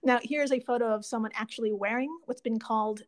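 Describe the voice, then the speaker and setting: Woman, podcast co-host, playful, laughing, fairly high voice. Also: fairly even intonation, quick pace. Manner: playful, laughs often, reads facts aloud. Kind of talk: casual podcast chat.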